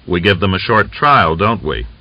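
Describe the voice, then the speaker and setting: A man's voice: deep voice, very animated, moderate pace, no room sound. A man doing a curt rebel chieftain. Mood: commanding. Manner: clipped, curt orders. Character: curt, commanding male rebel band leader. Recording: dull lo-fi audiobook recording.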